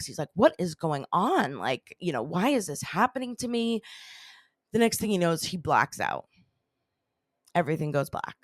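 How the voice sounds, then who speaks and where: A lower-voiced woman hosting a chatty podcast tells a strange tale, meandering and filling her talk with "like" and "you know." Her voice sounds close and dry. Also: no room sound. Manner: rambling, heavy use of "like" and "you know". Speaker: podcast host. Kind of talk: casual storytelling.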